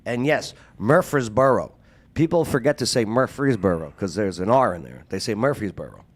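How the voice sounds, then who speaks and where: A man's voice: mid-range voice, normal speed. A man hosting a casual talk show, joking and plugging the show. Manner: animated, joking, plugs the show. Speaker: show host.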